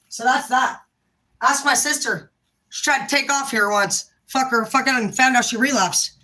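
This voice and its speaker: A woman's voice: fairly high pitch, bright, forceful tone, poor audio. A woman giving a heated, profane rant straight to her viewers, blunt and impassioned. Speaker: vlogger. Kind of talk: impassioned direct-to-camera rant.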